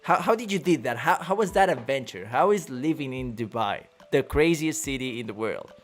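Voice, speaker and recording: A man hosting a live podcast in English, which is not his first language; he talks casually and playfully, laughing often and halting over words. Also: mid-range voice, animated, soft background music. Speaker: podcast host. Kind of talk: casual live-stream chat.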